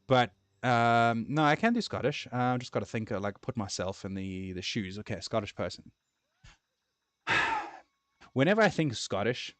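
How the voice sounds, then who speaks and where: A young man chats casually while gaming, rambling and easily sidetracked, with a self-deprecating manner. His mid-pitched voice sounds dry and close. Faint game music plays under him. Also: no room sound. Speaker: gaming streamer. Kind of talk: casual chat while playing.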